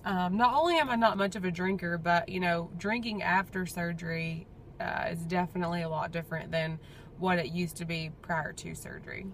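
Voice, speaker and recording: Chatty, gravelly-voiced woman vlogging. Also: fairly low pitch, a little fast, slight background noise. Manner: chatty, rambling, heartfelt. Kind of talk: casual personal update vlog.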